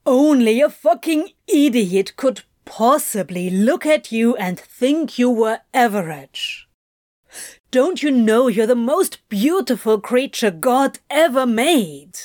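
A woman's voice: a little high, lively intonation, slow, darkish tone, no room sound, voice pushed up. A woman voicing a blunt, swearing male demon in a fan fiction reading, in a voice close to her own. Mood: insistent, exasperated. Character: swearing, exasperated male demon, devoted lover.

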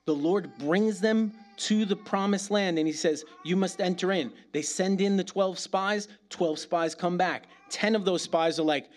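A middle-aged man from New York City preaching a sermon as pastor, in a lively, conversational way full of slang and asides. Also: high-pitched, measured pace, hardly any pauses, faint music behind.

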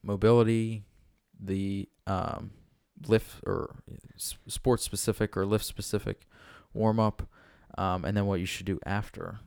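A man co-hosting a podcast, speaking casually in short, plain remarks. His voice is low and gravelly, and it sounds close and dry. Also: little pitch movement, a little slow, hardly any pauses, darkish tone, no room sound. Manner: brief, plain replies with hesitations. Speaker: podcast co-host. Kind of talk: casual chat.

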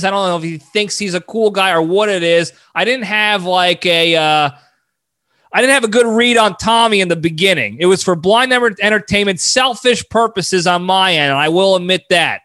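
Bright, rambling male podcast host. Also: high-pitched, moderate pace. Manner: rambling, animated, self-interrupting. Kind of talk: solo podcast monologue.

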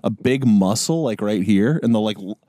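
A man's voice: fairly low pitch, lively intonation, normal speed, warm tone, no echo, clean studio sound. A man co-hosting a podcast, rambling through a self-mocking anecdote in casual chat. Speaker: podcast co-host.

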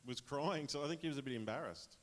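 A man's voice: medium pitch, quick pace. An Australian man casually sharing a personal testimony with his church, chatty and rambling, often laughing.

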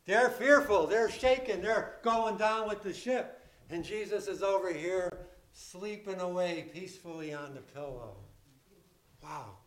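Slow, high-voiced man preaching a sermon. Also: fairly bright tone. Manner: emphatic, repeats key phrases, asks the congregation questions; acts out the disciples' panicked pleas in a raised voice.

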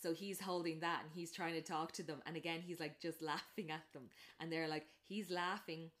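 Woman, casual chat, animated retelling, fillers, lower voice, pitch jumps way up for quotes. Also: moderate pace. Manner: animated storytelling, acts out characters' lines in a raised pitch; many fillers and restarts.

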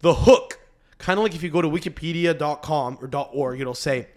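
A man's voice: on the high side, a little fast. Crude rambling man hosting a podcast. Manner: crude, rambling, swears a lot, laughs often. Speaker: podcast host. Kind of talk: casual podcast rant. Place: home, family upstairs.

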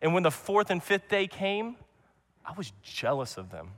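A young man preaches with earnest conviction, circling back and repeating key phrases as he builds his point. His voice sits a bit high for a man. The sound rings out with the long reverb of a large hall. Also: sing-song, normal speed, a bit bright. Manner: earnest, repetitive preaching with restarts. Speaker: pastor. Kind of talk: sermon.

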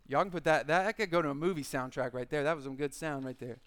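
A man's voice: fairly high pitch, fast talker, hardly any pauses, smooth. A male pastor giving a casual, joking sermon and acting out little quotes as he talks. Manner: animated, joking storyteller who acts out quotes. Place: church.

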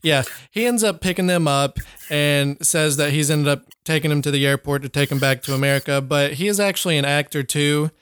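A man with a Kentucky accent trades movie recaps with his co-host, relaxed and liberal with swear words. His voice is smooth and clear, a touch higher than average, caught dry on a close mic. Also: fairly quick, few pauses, no room sound. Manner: loose, swears freely, laughs along. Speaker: podcast co-host. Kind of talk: casual movie review chat.

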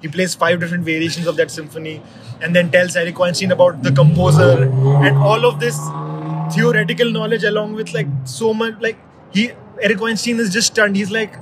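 High-voiced man telling a rambling story. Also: steady tone, fairly quick, background noise. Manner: rambling storyteller with many restarts. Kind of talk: casual conversation.

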